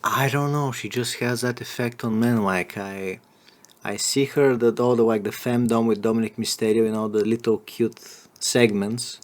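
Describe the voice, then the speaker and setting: A man's voice: mid-range voice, steady tone, moderate pace. A man in casual podcast chat, rambling and crude, laughing often. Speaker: podcast host.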